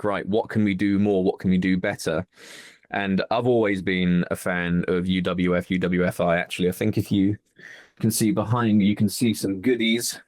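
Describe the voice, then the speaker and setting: A man's voice: deep voice, dry recording, clean studio sound. A man, a wrestling promoter guest, chatting enthusiastically in a casual interview over a video call and rambling with restarts.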